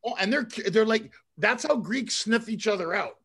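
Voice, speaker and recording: A man hosting a podcast in casual chat, relaxed and rambling, often repeating words. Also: high-pitched, normal speed, slightly rough. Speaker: podcast host.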